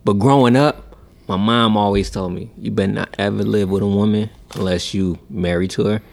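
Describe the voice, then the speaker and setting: A young man in casual chat, laid-back and sometimes low and mumbled. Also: fairly even intonation, moderate pace, gravelly.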